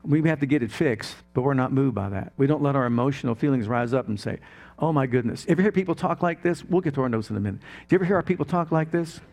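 A man's voice: mid-range voice, expressive, fast, gravelly, hardly any pauses, darkish tone. A middle-aged male pastor preaching a sermon emphatically, firing off rhetorical questions to the congregation.

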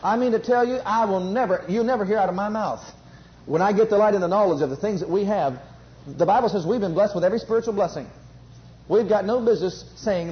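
A man preaching a sermon with fervor, swinging between loud emphatic calls and quiet low asides. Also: animated, fast talker. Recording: dull lo-fi recording.

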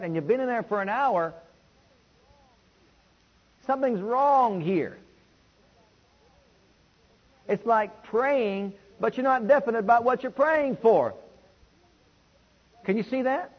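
A high-pitched, husky-voiced man preaching a sermon, leading his congregation in call-and-response. His delivery swings between loud stretches and hushed ones. The recording is dull and lo-fi. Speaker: pastor.

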